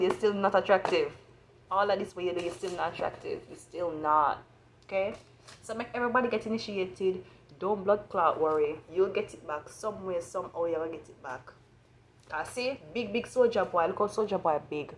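A woman's voice: on the low side, moderate pace, a little hiss or hum. A woman with a Jamaican accent giving an astrology reading as a blunt, profane rant. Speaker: astrology reader.

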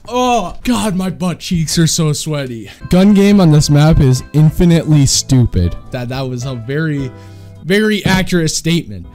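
A man giving raging gameplay commentary as a gaming YouTuber, in whiny, yelling rants that often mock himself. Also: sits high, lively intonation, moderate pace, faint music behind.

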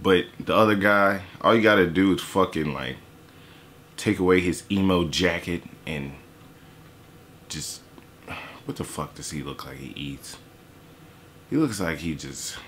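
A young male YouTuber reacts to a diss track with casual, joking commentary, swearing a lot and slipping into mocking impressions of other people. His voice is deep and a bit bright, with slight background noise.

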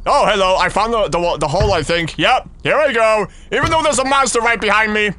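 High-voiced guy doing a horror let's play, bright tone, super reactive. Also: fairly quick, hardly any pauses, slight background noise. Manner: excitable, reacting out loud to the game. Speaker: gaming channel host.

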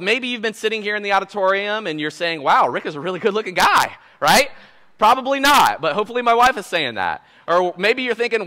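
A man preaching a sermon in a church auditorium, animated and conversational, joking with the congregation. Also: high-pitched. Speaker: pastor.

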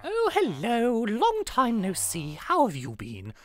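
A polite, posh lady consultant in a game, voiced by a woman. She speaks primly, and her pitch rises and falls in a lively way. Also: slow, heavily acted. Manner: posh, prim.

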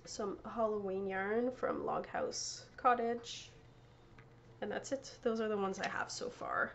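A woman's voice: mid-range voice, expressive, a little slow, vocal fry, slight background noise. A woman hosting a knitting podcast, chatting casually and showing off her yarn and prizes, often correcting herself and laughing. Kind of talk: casual show-and-tell chat.

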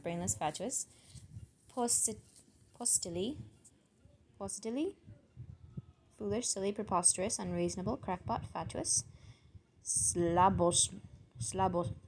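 Slow, gravelly woman muttering word lists. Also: mid-range voice, slight background noise. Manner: slow, muttered, thinking aloud over foreign words. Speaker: word channel host. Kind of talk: solo vocabulary reading.

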